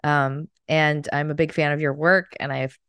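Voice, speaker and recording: A woman's voice: low voice, little pitch movement, normal speed, fairly bright tone, smooth, no echo. A woman hosting a casual interview podcast, effusive and giggly, with many fillers. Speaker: podcast host.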